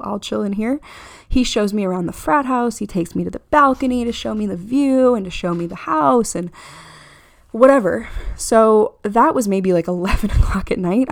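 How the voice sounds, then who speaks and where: A young woman hosting a podcast, telling a candid story in a chatty, casual way and acting out what others said. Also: medium pitch. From Florida. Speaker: podcast host.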